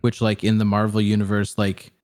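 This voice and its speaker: A young man talks in a low, easy voice, rambling through a film review. He leans on fillers and swears freely in casual chat. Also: completely flat delivery, fairly quick, darkish tone. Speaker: podcast co-host reviewing a film.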